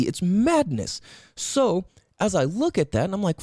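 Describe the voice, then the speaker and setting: A fairly high-pitched man takes an unhurried pace on his solo podcast, recorded dry with clean studio sound. He delivers a profane, animated, rambling rant studded with emphatic rhetorical questions.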